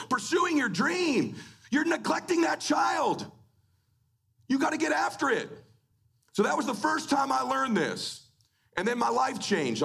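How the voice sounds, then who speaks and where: A middle-aged man delivers a motivational speech before a live audience, his voice pitched high with a gravelly, husky edge. He swings between emphatic shouting and hushed, emotional passages. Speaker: motivational speaker.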